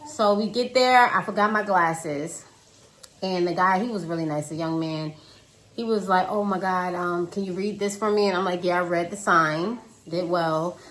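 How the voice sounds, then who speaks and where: A woman in her thirties telling a casual storytime about her day, dramatic and animated, talking to viewers as "y'all" while cooking at home. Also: fairly low pitch, normal speed. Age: 30s. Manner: animated, dramatic retelling with quoted voices. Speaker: vlogger. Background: child singing in the background.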